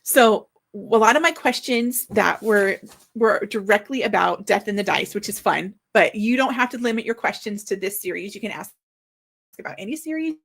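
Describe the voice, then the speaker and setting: A woman in her forties, an author hosting her own book launch livestream, chatting casually in an excited, slightly flustered way. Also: mid-range voice, normal speed, vocal fry.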